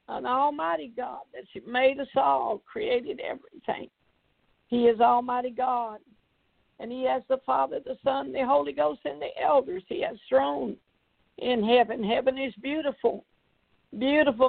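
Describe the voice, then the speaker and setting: A woman's voice: high voice, no echo. An older woman evangelist, recounting a vision and pleading earnestly with listeners. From Tennessee, USA. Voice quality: gravelly, husky. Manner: fervent, repetitive, earnest pleading. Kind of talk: preaching testimony. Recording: tinny phone-like line.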